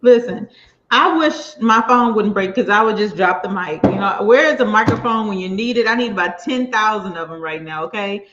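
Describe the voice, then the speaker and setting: A woman's voice: medium pitch, moderate pace, noisy background. A woman from Louisiana with a Southern accent, hosting a live interview in an enthusiastic, folksy way with lots of affirmations. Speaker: live-stream host. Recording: echoey room, dull lo-fi sound.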